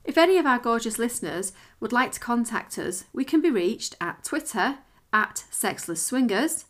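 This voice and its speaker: A woman's voice: on the high side, big pitch swings, moderate pace. A woman co-hosting a podcast in casual chat. Her voice sounds nasal and blocked up from a cold, and she talks candidly, giggles often and uses lots of fillers. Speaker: podcast co-host.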